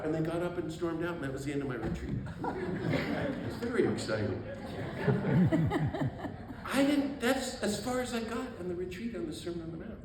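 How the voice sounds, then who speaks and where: An exuberant man speaks as a priest to a gathered audience, his pitch leaping up and down as he talks. The recording is very echoey, with a faint hum of background noise under his voice. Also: animated, recorded from a distance. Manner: exuberant, quick asides, laughs at himself. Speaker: priest giving a book talk. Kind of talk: animated public talk. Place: event hall.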